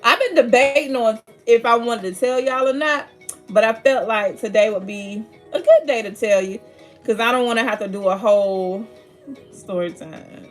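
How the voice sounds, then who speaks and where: A woman's voice: on the high side, normal speed, soft background music. Chatty woman host greeting viewers. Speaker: livestream host. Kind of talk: casual livestream chat.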